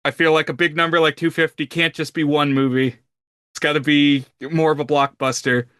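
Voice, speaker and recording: A man's voice: fairly high pitch, flat delivery, a little fast, a bit bright, clear, resonant tone, no echo, clean studio sound. A man in his thirties co-hosting a film podcast, chatty and teasing, with hesitant restarts. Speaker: podcast co-host. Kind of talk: casual film podcast chat.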